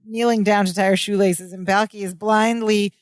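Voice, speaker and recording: A woman's voice: mid-range voice, fairly even intonation, normal speed, no room sound, studio quality. A woman co-hosting a podcast, casually retelling sitcom scenes and quoting the characters. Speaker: podcast co-host. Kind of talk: casual chat recapping a sitcom episode.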